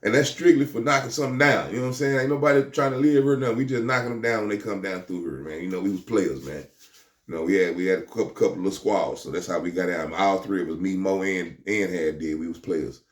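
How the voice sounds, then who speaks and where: A man's voice: sits low, fast, echoey room. Slangy, stammering man telling a street story. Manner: stammering restarts, slangy, acts out the voices of others. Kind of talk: casual first-person storytelling.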